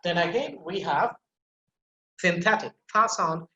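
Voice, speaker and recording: A woman teaching English pronunciation, repeating each example word patiently and clearly. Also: fairly low pitch, expressive, normal speed, echoey room, highs cut off, slight background noise. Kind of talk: online pronunciation lesson.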